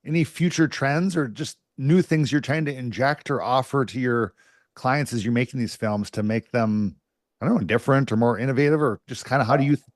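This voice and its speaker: A man's voice: medium pitch, a little fast, dry recording, clean studio sound. A man hosting a podcast in casual conversation, an affirming listener who chimes in with short agreements. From United States. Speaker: podcast host.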